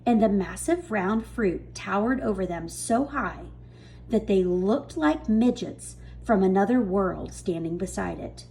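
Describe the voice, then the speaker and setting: A woman reading a children's book aloud in a lively, expressive storytelling manner. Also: medium pitch, unhurried, creaky. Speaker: reader.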